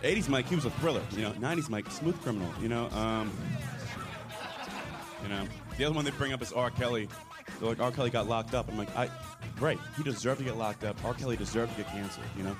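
Over music and crowd noise, a young Philadelphia-area comic with a Philly accent talks fast in a medium-pitched voice on a comedy club stage. His set is laid-back and mumbly, with lines capped by "you know what I'm saying."

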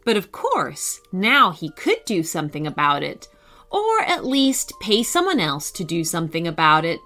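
A woman narrating a children's story in an expressive, playful way. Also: fairly low pitch, moderate pace, soft background music.

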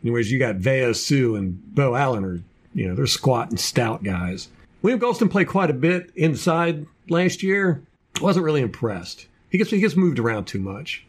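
A man's voice: medium pitch, very animated, normal speed, husky. A man co-hosting a casual sports podcast, running through a team depth chart with jokey asides. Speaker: podcast co-host.

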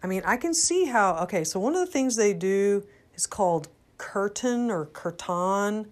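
An older woman giving an earnest, unscripted religious talk, halting with frequent restarts. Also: mid-range voice, sing-song, darkish tone. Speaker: religious commentator.

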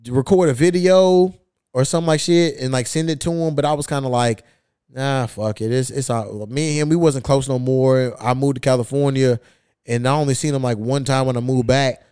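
A man's voice: mid-range voice, steady tone, fairly quick, dark tone, smooth, no room sound, studio quality. A podcast host telling a long, profane story in casual chat, acting out the people he quotes. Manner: profane, acts out quoted voices.

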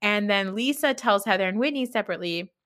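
A woman's voice: medium pitch, quick pace. A woman hosting a podcast, recapping reality TV in a chatty, sarcastic way and acting out quotes. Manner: chatty, sarcastic, animated quoting of cast. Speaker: podcast host.

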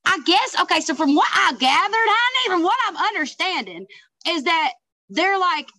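A woman's voice: very high-pitched, moderate pace, dry recording. A woman with a Southern accent, a podcast guest in casual chat, sassy, swearing freely and calling everyone honey and girl. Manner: swears freely, animated storytelling.

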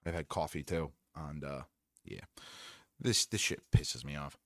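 A man's voice: very deep voice, a little slow, vocal fry, no room sound. A middle-aged man hosting a podcast alone, fired up and sarcastic, swearing as he reads out listener comments. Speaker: podcast host. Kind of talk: solo podcast rant reading live comments.

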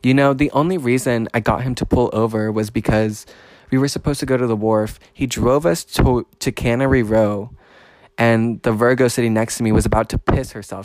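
A man's voice: steady tone, a little fast, a little mellow, no room sound, clean studio sound. Blunt, profane man telling a story. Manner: blunt, profane and emphatic, rising in pitch when fired up. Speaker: podcast host. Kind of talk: casual storytelling monologue.

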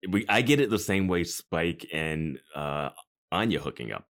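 A man's voice: low voice, animated, unhurried, a bit bright. A man co-hosting a podcast, chatting casually and thinking aloud as he talks. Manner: conversational, thinks aloud with restarts. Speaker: podcast co-host. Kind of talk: casual chat.

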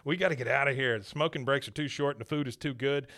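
A man's voice: mid-range voice, quick pace, a bit bright, lightly acted. A man doing a paranoid schemer. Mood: scheming.

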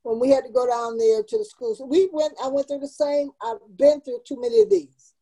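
An older woman in her seventies speaks as an interview guest, recounting her life with earnest, heartfelt emphasis. Her voice sits fairly high but sounds warm and mellow. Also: a little fast, husky, low-quality recording. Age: 70s. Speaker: guest, community founder. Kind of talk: personal storytelling interview.

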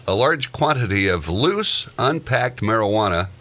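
A man's voice: lowish voice, big pitch swings, a little slow, a bit bright. A man hosting a podcast, reading odd news stories and joking about them with a co-host. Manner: reads odd news items then jokes about them. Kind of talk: casual news chat.

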